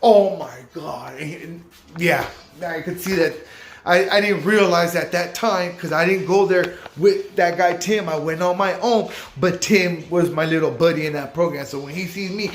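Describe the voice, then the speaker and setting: A man recounts his own story in loose, swearing street slang, his voice sitting a little high for a man. He sounds like he is in a roomy, echoey space, with a faint hiss of noise behind him. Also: normal speed, vocal fry. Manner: profane street slang, lively retelling. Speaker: vlogger recounting a recovery-home stay. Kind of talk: casual storytelling to camera.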